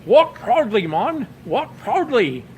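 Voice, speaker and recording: A man putting on the voice of an excitable male film star who yells at a ballgame. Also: a little hiss or hum, full character voice. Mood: proud urging. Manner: yelling, high-pitched, drawn-out. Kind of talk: anecdote impression.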